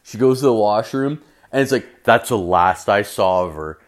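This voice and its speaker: A man's voice: on the low side, moderate pace. A young man telling a rambling work story in a casual rant, swearing constantly and leaning on "like".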